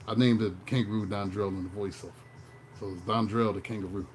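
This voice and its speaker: With a slightly hissy or humming background, a man speaks a little fast in a voice on the low side with a steady tone. He's a tarot reader who wanders off into a comic, foul-mouthed rant, rambling through stories before getting to the reading.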